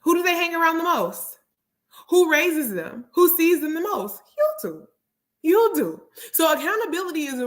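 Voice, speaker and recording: Earnest woman host with a higher voice. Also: fairly bright tone. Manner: earnest, preachy, repeats key phrases for emphasis. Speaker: therapist and speaker. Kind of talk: motivational talk.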